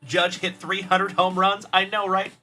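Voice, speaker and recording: With soft background music playing, a man runs a trading card break livestream and gives friendly, upbeat shout-outs to viewers by name. His voice is high and sharp in tone, level in pitch, and measured in pace.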